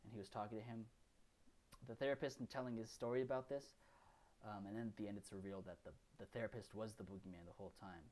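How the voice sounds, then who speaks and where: A man's voice: lowish voice, steady tone, quick pace, darkish tone. A man co-hosting a podcast, recapping films in casual, rambling chat full of fillers and restarts. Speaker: podcast co-host.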